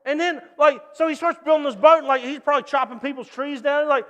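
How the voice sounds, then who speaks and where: A man's voice: extremely high pitch, quick pace, big-room sound, muffled recording. A man preaching a sermon as pastor, telling stories animatedly and acting out voices. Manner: animated storytelling with acted-out voices.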